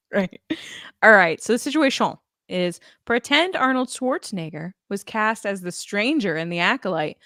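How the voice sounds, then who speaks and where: A woman's voice: medium pitch, expressive, normal speed, pushed and bright, no room sound, studio quality. A woman co-hosting a podcast in casual chat, reading out listener answers with a teasing, giggly manner. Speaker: podcast co-host.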